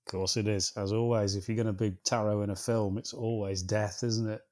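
A man's voice: on the low side, flat delivery, a little fast, a little mellow. A man co-hosting a film podcast, trading wry, laid-back banter with his co-host. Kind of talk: casual chat.

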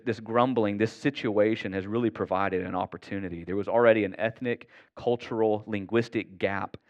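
A man's voice: on the low side, highs cut off. Earnest man preaching a sermon. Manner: earnest, conversational, checks in with "right?" and "okay?". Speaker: pastor.

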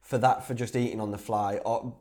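Here the young North Yorkshire podcaster from Whitby, England sounds lowish and dark, fairly quick, with fairly level intonation. It's a relaxed solo Q&A with listeners, full of easy laughter, laddish chat and restarted sentences.

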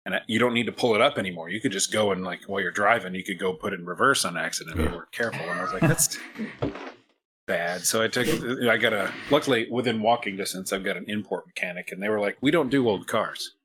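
Podcast host, American man, low voice, rambling self-deprecating anecdotes. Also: very fast, few pauses, bright, forceful tone, slight background noise. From United States. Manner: rambling, self-mocking anecdotes with many restarts. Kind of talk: casual storytelling chat.

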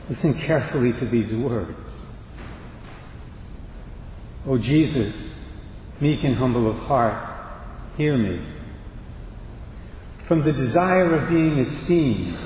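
A man preaching a homily as a priest, measured and deliberate, pausing between phrases and reading a litany prayer slowly. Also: mid-range voice, a little hiss or hum. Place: church. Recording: echoey church with long reverb.

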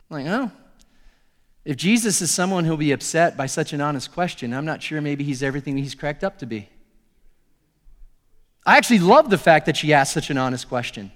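A male pastor giving a sermon, telling the story with animated acted-out dialogue. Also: a little high, brisk, pauses often, long reverb tail.

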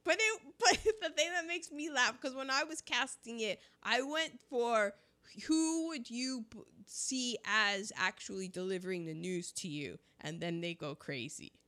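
A woman co-hosting a casual podcast chat, expressive and thinking aloud as she talks. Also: on the high side, a little slow. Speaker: podcast co-host.

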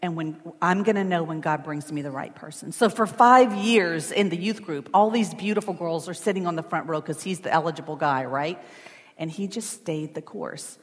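A woman with a lowish voice speaks at normal speed, telling a personal story during a sermon. She's chatty and emotional, making asides to the congregation, and the recording has a long church hall reverb.

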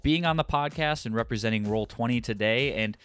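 A man co-hosting a tabletop gaming podcast in casual chat, relaxed and repeating words as he starts sentences. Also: medium pitch, fairly quick, clean tone, faint music behind. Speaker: podcast co-host.

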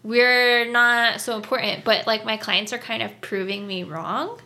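A woman's voice: on the high side, a little slow, pushed and bright. A young woman chatting casually and candidly, telling emotional stories with lots of fillers. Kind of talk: casual chat.

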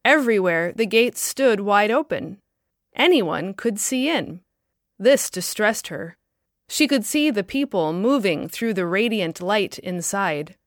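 A woman narrating a story in a calm, measured reading. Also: mid-range voice, no room sound, studio quality.

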